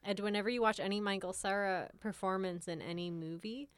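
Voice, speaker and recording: A woman's voice: medium pitch, steady tone, a little fast, clean tone, dry recording. A young adult woman co-hosting a podcast, chatting casually about a film with frequent "like" fillers. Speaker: podcast co-host. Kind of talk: casual film-review chat.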